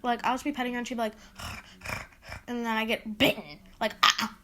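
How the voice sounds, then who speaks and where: A woman's voice: fairly high pitch, moderate pace, sharp tone. A woman hosting a casual solo podcast, rambling and exasperated as she lists her pet peeves with lots of "like"s. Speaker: podcast host.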